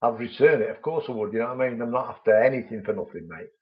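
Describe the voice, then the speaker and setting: Male stream host, chatty and friendly, mid pitch, muffled low-fi sound. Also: animated, very fast. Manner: chatty, friendly, calls viewers mate. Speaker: vaping channel host. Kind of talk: live-stream chat reading viewer comments.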